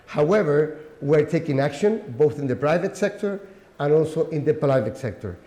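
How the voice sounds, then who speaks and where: Man, halting panel remarks, roomy echo on the voice. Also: a little high, lively intonation, warm tone. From Chile. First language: Spanish. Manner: halting, frequent uhs. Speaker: regional governor, panelist.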